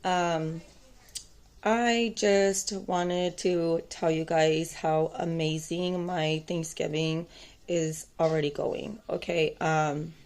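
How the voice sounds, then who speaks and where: A woman's voice: sits low, level tone, slow pace, a little mellow. A woman, mother of two, telling a personal story to camera in a rambling, intense way, with many fillers and a defiant tone. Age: adult, mother of two boys. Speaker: tarot vlogger.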